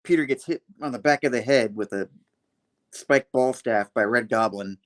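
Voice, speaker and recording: Man, mid-pitch, casual comic reviewer on a remote call, rambling recaps full of fillers. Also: moderate pace, a bit bright. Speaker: comic book reviewer and co-host.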